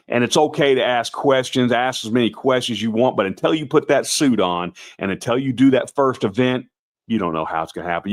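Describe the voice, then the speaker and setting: Raspy older man rambling on a livestream. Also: fairly low pitch. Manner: rambling, full of restarts, chatting to viewers. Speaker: Santa performer hosting a show. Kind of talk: casual livestream talk.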